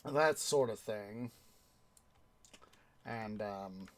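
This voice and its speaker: Young male gamer host, slow drawl, casual rambling commentary. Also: lowish voice, a little hiss or hum. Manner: rambling, hesitant, many fillers. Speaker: gaming channel host.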